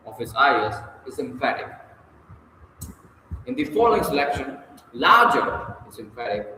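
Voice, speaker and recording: A man's voice: medium pitch, a bit bright, a little hiss or hum. Man reading a textbook in an echoey hall. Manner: reads aloud with occasional stumbles and self-corrections. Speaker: audiobook reader. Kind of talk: reading a public speaking textbook aloud. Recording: echoey hall with long reverb.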